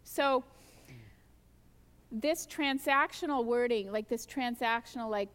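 A woman gives a personal testimony as a guest speaker at a church gathering, earnestly telling stories and acting out her own prayers. Her voice is on the high side with a clean tone at a moderate pace, and the church hall adds long reverb.

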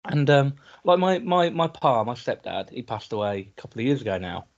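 A man's voice: mid-range voice, big pitch swings, a little fast, muffled recording. A man, teasing his co-host and chatting about his young kids on a podcast. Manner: teasing, chatty, recounts kids' sayings. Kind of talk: casual chat.

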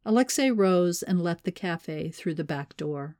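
Low-voiced woman narrating a thriller. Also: lively intonation, a little slow, warm tone, no echo, studio quality. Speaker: audiobook narrator. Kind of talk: scripted narration.

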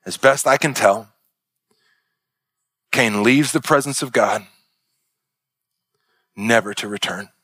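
A man's voice: on the low side, slow pace, pauses often, fairly bright tone, no echo. A male pastor preaching a sermon with emphatic delivery and repeated parallel phrases.

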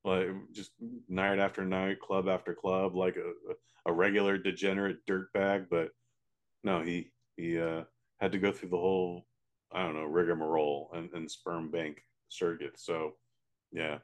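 A deep-voiced man co-hosts a casual podcast. He reacts bluntly and swears freely. He often drops into quieter, muttered asides. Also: little pitch movement, unhurried. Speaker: podcast co-host. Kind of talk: casual chat.

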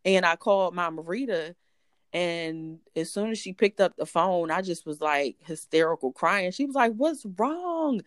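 Woman, interview guest, personal storytelling, animated, lower voice, dry sound. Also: moderate pace, smooth, dry recording. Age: adult. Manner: animated, acts out voices in quotes.

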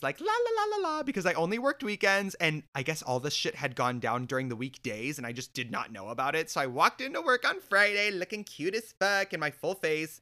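A young man telling a story in a sassy, animated and profane way, straight to camera. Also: a little high. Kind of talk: storytime vlog.

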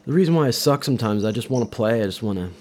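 A man's voice: medium pitch, expressive, very fast, a little mellow. A man giving casual, rambling commentary while he watches a movie, chatty and a little profane. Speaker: vlogger doing movie watch-along commentary.

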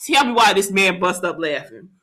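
Animated woman telling a story. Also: mid-range voice, normal speed. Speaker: podcast co-host. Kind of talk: casual storytelling chat.

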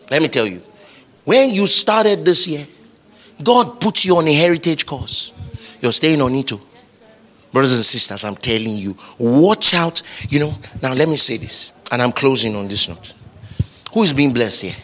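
Husky, lively preaching man with bright voice. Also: mid-range voice, normal speed. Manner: preaching with rising shouted climaxes and repetition. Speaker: pastor. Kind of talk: sermon.

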